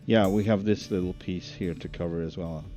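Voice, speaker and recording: Rambling low-voiced male game streamer. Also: fairly even intonation, normal speed, dark tone. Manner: rambling, thinks aloud with many fillers. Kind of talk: casual live-stream commentary. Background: music.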